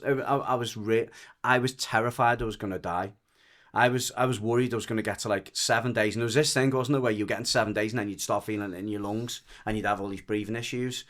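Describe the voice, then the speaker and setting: He's a dog trainer from the Wirral, England, guesting on a podcast with a Merseyside accent, his low voice a bit bright. In casual storytelling chat he rambles, speaks frankly, restarts often, and swears.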